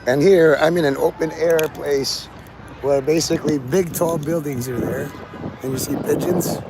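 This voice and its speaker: A man's voice: fairly high pitch, fairly even intonation, normal speed, creaky. A man rambling on a live stream from an open-air city plaza, joking, swearing and talking to the birds. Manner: loose, joking, swears casually, talks to birds and viewers. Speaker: livestream vlogger. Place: open-air plaza among tall city buildings, outdoors. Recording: outdoor phone audio with street noise. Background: city street ambience.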